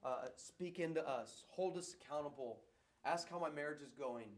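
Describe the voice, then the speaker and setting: A middle-aged man, a pastor, answering audience questions in a lively, playful way that keeps circling back on its points. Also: a little high, moderate pace. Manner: animated preacher, playful, repeats himself.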